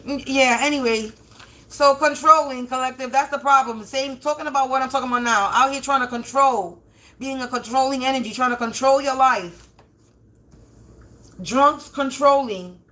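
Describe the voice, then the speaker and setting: A woman livestreams a tarot-style spiritual reading in a high, bright, forceful voice at normal speed. She swears heavily and rambles indignantly, restarting and stuttering through a profane rant.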